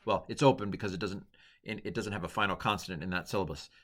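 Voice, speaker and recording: A man's voice: deep voice, steady tone, fast talker, fairly bright tone. A man teaching a language lesson in a casual, rambling way, correcting himself often and making small joking asides. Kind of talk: casual classroom lecture.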